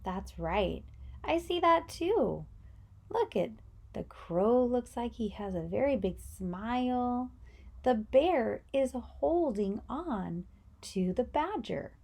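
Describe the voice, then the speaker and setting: A woman's voice: on the high side, sing-song, slow pace, gravelly, a little mellow. A woman teacher giving a reading lesson, encouraging children and asking them questions. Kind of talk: read-aloud reading lesson.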